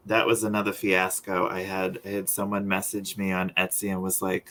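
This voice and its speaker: A man's voice: deep voice, monotone, a little fast, few pauses, a bit bright. A man, the guest artist, chatting on a video call and acting out quoted reactions as he tells a story. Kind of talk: casual video call chat.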